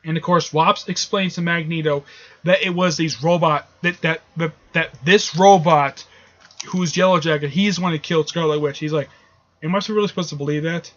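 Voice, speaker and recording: A man's voice: a little high, steady tone, normal speed, a bit bright. A man reviewing a comic book issue in a casual, rambling way, with frequent fillers and restarts, recorded with dull lo-fi sound. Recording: dull lo-fi audio.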